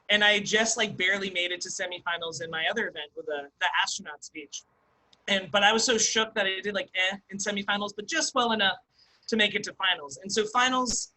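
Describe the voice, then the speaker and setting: A young man in his twenties telling stories as a podcast guest, chatty and animated with lots of fillers. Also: sits high, low-quality recording. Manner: animated, fast storyteller full of likes and ums. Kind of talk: casual storytelling interview.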